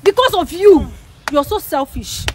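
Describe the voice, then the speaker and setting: A woman's voice: very high-pitched, animated, measured pace. A woman playing a distraught young woman in a scripted skit, hurling tearful accusations. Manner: frantic, tearful accusations, shouting.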